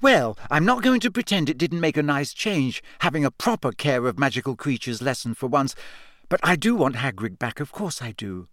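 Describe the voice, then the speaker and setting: A man's voice: medium pitch, big pitch swings, moderate pace, fairly bright tone, no room sound, studio quality. A man voicing a clever, bookish teenage schoolgirl who speaks earnestly.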